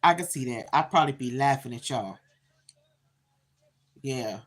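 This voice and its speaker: A woman's voice: a bass voice, animated, moderate pace, breathy edge. A woman in her fifties chatting casually to viewers on a livestream, talking straight to them with lots of "you know"s. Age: 50s. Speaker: livestream host.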